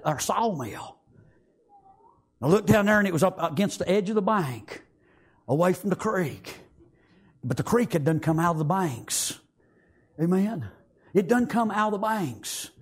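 A man preaching an emotional sermon in folksy rural grammar. He swings from loud pleading to hushed tones. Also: sits high.

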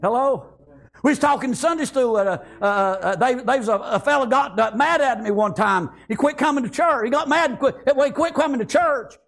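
A middle-aged man preaching a sermon in a folksy rural way, calling out to the congregation and dropping into quiet storytelling. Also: very high voice, a little fast, creaky. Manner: folksy, rural speech, frequent call-outs and "praise God"; swings between shouting and hushed storytelling. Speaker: pastor.

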